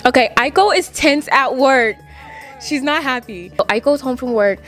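A young woman giving casual, playful commentary while playing a life-sim game, full of "like" and quick asides. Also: high voice, a bit bright, soft background music. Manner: chatty, playful, lots of "like". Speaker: gaming YouTuber. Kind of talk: casual let's-play commentary.

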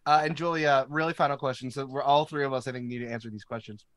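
A man co-hosting a tabletop game livestream, excitable and chatty with quick asides. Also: mid-range voice, no echo, studio quality. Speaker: co-host setting up a tabletop game. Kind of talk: casual chat on a livestream.

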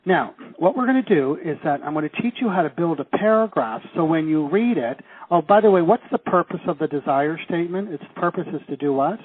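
A man's voice: on the high side, expressive, brisk, few pauses, breathy edge, no room sound. A man teaching a live seminar, coaching the audience and asking them questions. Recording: tinny phone-like live audio.

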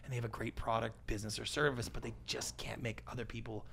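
A man speaking as a guest in a conversational podcast interview, an animated storyteller with a big, energetic personality who acts out what people said. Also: mid-range voice, quick pace, vocal fry, slight background noise. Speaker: guest, pitch coach and TV producer.

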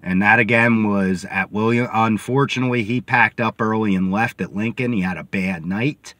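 A man's voice: fairly low pitch, normal speed, a bit bright, no echo. A man hosting a sports podcast, rambling casually in a chatty vlog while sitting in a car. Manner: rambling and chatty, many fillers.

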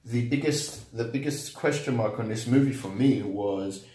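A man's voice: medium pitch, moderate pace, darkish tone. A man reviewing movies in casual chat, blunt and swearing freely, often restarting his sentences. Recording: echoey room.

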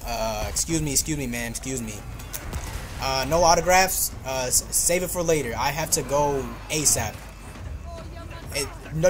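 A man's voice: mid-range voice, a little fast, background noise. A man streaming a game live, joking and trash-talking enemies while talking to himself and his chat. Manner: excitable outbursts, talks to himself and chat. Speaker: gaming streamer. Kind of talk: live gameplay commentary.

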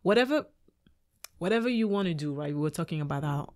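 A young adult woman with a French accent, a dancer and choreographer chatting as a podcast guest, laughing often and pausing with ums. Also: lowish voice, animated. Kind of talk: casual interview chat.

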